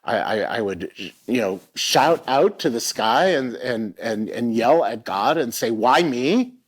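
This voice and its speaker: A man's voice: mid-range voice, lively intonation, measured pace. A middle-aged man giving a personal storytelling talk on a theatre stage, reflective and given to hesitant restarts. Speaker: keynote speaker. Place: theatre stage before a live audience.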